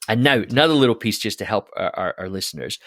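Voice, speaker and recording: Low-voiced man co-hosting, dry sound. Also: fast talker, no room sound. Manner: animated, laughs and restarts often. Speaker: podcast co-host. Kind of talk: conversational Bible discussion.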